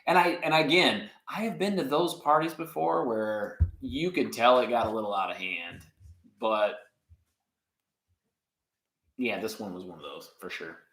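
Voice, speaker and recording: A man co-hosting a podcast, casually recapping an episode from his notes in a rambling, animated way. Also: medium pitch, unhurried, pauses often, reverberant, low-quality recording. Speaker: podcast co-host.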